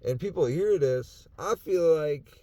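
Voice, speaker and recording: A man's voice: fairly high pitch, expressive, unhurried, mellow, no room sound. A young man from Wisconsin rambling casually and profanely about his life while sitting in his parked truck, laughing between thoughts. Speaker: podcast host. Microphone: phone or camera in the truck.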